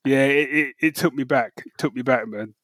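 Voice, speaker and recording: In a casual podcast conversation, this co-host spins lively stories and hums theme tunes as he goes. His voice is medium in pitch and brisk, with no room sound.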